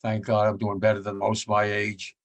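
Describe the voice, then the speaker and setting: Gravelly blunt man in his nineties. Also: on the low side, completely flat delivery, normal speed. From United States. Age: 90s. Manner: blunt, emphatic, repeats his points with rising force. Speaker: war veteran speaker. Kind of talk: remembrance talk to students.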